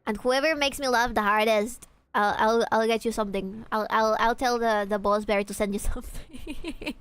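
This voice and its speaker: A woman's voice: fairly high pitch, steady tone, normal speed, fairly bright tone, clear, resonant tone, faint music behind. A young woman from Peru, streaming a game and joking and teasing with her chat, swearing casually. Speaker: VTuber streamer.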